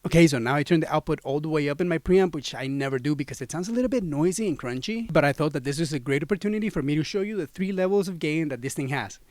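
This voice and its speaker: A man's voice: fairly high pitch, quick pace, few pauses, darkish tone, dry recording. Chatty man testing mics in a dry studio. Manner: enthusiastic, chatty, addresses viewer as friend. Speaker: gear reviewer. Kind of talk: casual demo talk to camera. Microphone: studio microphones, swapped during test. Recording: dry close studio sound.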